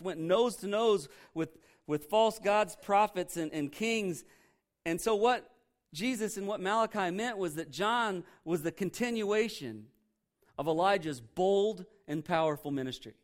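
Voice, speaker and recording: A man preaching a sermon as pastor, emphatic and animated, often repeating phrases for effect. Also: a little high. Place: church.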